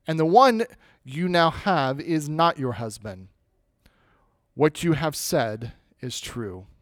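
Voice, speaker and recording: A man preaching a sermon in a smooth, resonant voice that sits somewhat high for a man. He swings from loud, pressing emphasis down to low, slowed words. The sound is close and dry, with no room around it. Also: no echo. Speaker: pastor.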